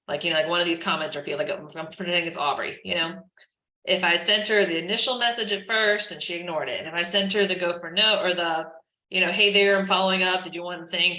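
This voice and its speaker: Lady teaching her team, lots of "like", bright voice, roomy echo. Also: lowish voice. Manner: chatty, lots of "like", acts out chat messages. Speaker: team trainer. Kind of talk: casual live training session.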